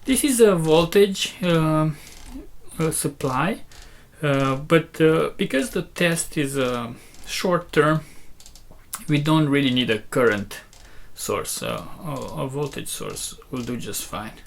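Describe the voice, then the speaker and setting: Slow and expressive, a man with a voice on the high side explains speaker tech as a loudspeaker maker demonstrating a driver. He's hesitant, with frequent fillers and restarts, and takes it step by step in a casual technical talk.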